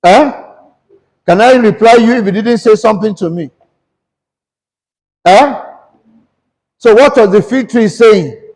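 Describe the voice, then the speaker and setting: A man's voice: sits high, unhurried, pauses often, a little mellow, in a large hall. A man preaching a sermon, questioning the congregation and mixing English and Yoruba. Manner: switches between English and Yoruba. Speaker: pastor.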